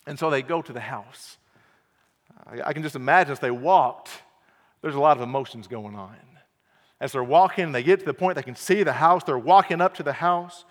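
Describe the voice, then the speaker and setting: A man preaching an earnest evening sermon, repeating key phrases and swinging from quiet to loud emphasis. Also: on the high side, moderate pace. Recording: long hall reverb.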